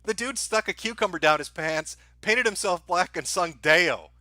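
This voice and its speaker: A man's voice: high-pitched, normal speed, pushed and bright, no echo. A man hosting a live stream, ranting sarcastically and profanely to his chat, often breaking into laughter.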